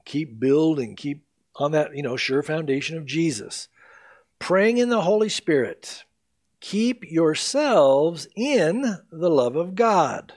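A pastor preaching a sermon, with conversational asides, personal stories and scripture readings. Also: male voice, fairly high pitch.

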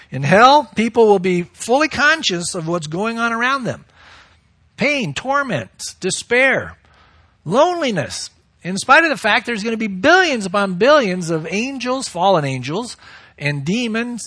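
Bright high-voiced man preaching. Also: dry recording, clean studio sound. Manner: expressive preaching, acting out quoted voices. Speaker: pastor. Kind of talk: sermon.

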